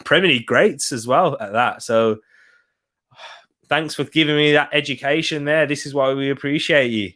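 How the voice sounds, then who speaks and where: A man's voice: fairly high pitch, moderate pace, fairly bright tone. Chatty man hosting a football watch-along. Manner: chatty, laughs often, reads out viewer comments.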